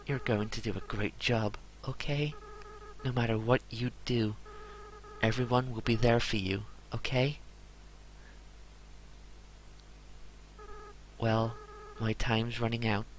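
A man reading aloud the lines of a remorseful young goat monster boy, in a soft, earnest, apologetic way. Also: medium pitch, steady tone, slow, a little hiss or hum, natural voice, poor audio. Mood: farewell. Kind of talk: reading game dialogue aloud.

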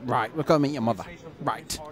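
An older man on a holiday outing, talking in a dry, scolding, deadpan way outdoors. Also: medium pitch, a little fast. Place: busy tourist town outdoors. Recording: busy crowd noise around.

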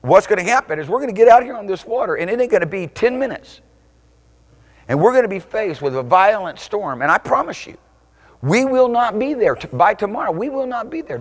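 An anxious fisherman disciple pleads that a violent storm is coming, as a man puts him on mid-sermon. His voice jumps up high and climbs higher with each insistent warning. The pace is quick and pressing. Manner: urgent, insistent.

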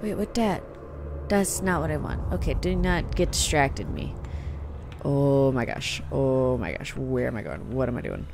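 A woman's voice: very deep voice, big pitch swings, measured pace, gravelly, a little hiss or hum. A woman hosting a gaming video, giving let's-play commentary and reacting aloud with gasps and small whispered asides.

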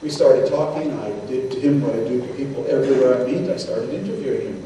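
A man's voice: mid-range voice, fast talker, few pauses, dark tone. Older male lecturer, chatty anecdotes, distant in a big echoey room. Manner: anecdotal, conversational, quotes people in dialogue. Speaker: guest lecturer. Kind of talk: storytelling lecture. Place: synagogue hall. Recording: echoey hall, distant mic, noisy.

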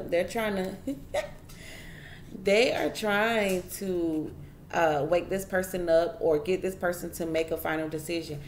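A woman's voice: lowish voice, vocal fry, darkish tone, echoey room, slight background noise. A woman giving a casual tarot reading straight to her viewers, chatty and repeating herself as she goes. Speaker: tarot reader.

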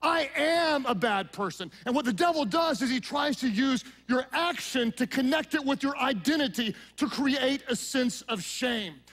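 A male pastor preaching a sermon, acting out Bible scenes in voices and dropping to a low hush at solemn moments. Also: expressive, normal speed, hardly any pauses.

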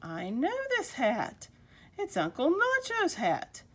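A woman's voice: high voice, huge pitch swings, slow pace, a bit bright, voice pushed up, exaggerated voice. A woman voicing a caring, eager young woman in a storybook read-aloud.

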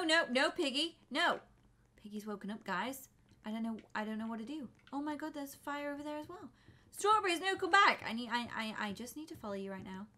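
A young woman giving flustered, excitable commentary while playing a game, often breaking into screams. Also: fairly high pitch. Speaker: gaming YouTuber. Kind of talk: let's play commentary.

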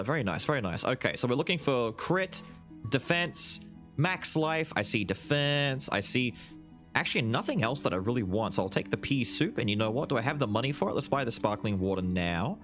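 A young man talks through a game run with constant excitement, and his pitch swings widely as he reacts. He throws "dude" into nearly every thought. Soft game music plays faintly underneath. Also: brisk. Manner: excitable, exclamatory, says "dude" often. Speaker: gaming video host. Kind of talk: excited gameplay commentary.

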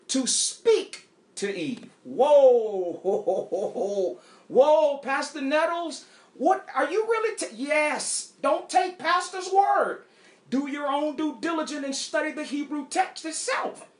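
A woman pastor teaching a Bible study in an animated way, asking rhetorical questions and spelling out words. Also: sits high, echoey room.

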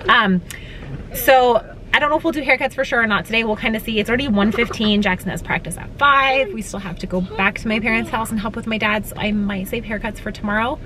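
A woman's voice: fairly high pitch, fast, bright, forceful tone, a little hiss or hum. A woman in her thirties chatting casually to a handheld phone camera from a parked car, rambling through her day's plans. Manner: chatty and rambling, thinking aloud about plans. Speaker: family vlogger.

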